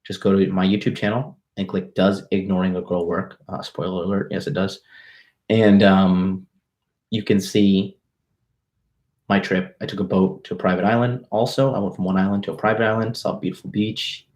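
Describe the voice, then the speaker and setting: Brash, swearing man with a low voice. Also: level tone, normal speed, darkish tone. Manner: brash, profane, swaggering slang. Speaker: dating coach hosting a livestream. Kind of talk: casual livestream storytelling.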